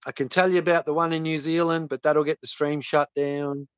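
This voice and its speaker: A man talking on a livestream in an earnest, halting way, with many pauses and fillers. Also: on the high side, flat delivery, clean tone, no room sound. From Australia. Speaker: livestream guest. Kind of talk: casual livestream talk.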